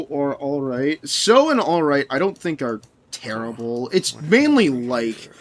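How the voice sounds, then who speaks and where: A man's voice: fairly high pitch, fairly bright tone. A young man streaming, chatting casually with his viewers, answering chat and ranting with frequent laughter and swearing.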